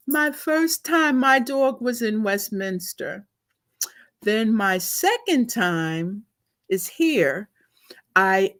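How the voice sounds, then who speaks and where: A woman host telling a long, chatty story in a casual live stream, laughing as she goes. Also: medium pitch.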